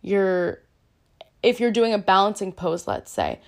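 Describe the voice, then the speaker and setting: A woman's voice: mid-range voice, very animated, a little slow. Chatty woman explaining yoga basics. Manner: chatty, earnest, self-deprecating, with frequent "um" and "like". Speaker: yoga teacher. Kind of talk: casual explanatory talk.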